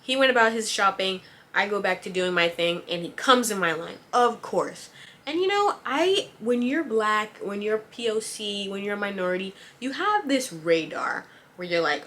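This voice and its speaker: Young woman, bright, sharp voice, animated slangy storytime. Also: medium pitch, normal speed. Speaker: vlogger, former cashier. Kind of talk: casual storytime.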